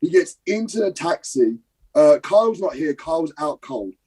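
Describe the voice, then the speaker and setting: A young adult man from Britain tells stories as an interview guest, animated and quick to act out scenes. He swears freely and keeps the energy up. His voice sits a little high for a man. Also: slightly rough, poor audio. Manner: lively, swears casually, acts out scenes. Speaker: guest, professional wrestler. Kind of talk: animated anecdote telling.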